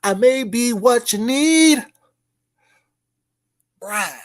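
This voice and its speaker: This YouTuber's call-out vlog is an animated, unhurried rant broken by long pauses. He's loud, profane and taunting, mockingly repeating a name as he veers from shouts to low mutters.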